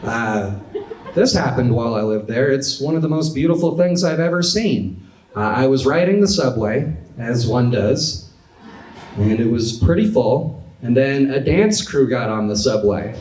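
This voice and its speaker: A young man in his twenties doing a stand-up comedy set with a dry, deadpan delivery in a club. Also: mid-range voice, measured pace. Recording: echoey club with audience laughter. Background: crowd laughter.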